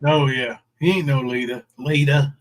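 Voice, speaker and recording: A man's voice: medium pitch, fairly even intonation, moderate pace. A man co-hosting a casual reaction chat, playful and laughing often. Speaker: co-host.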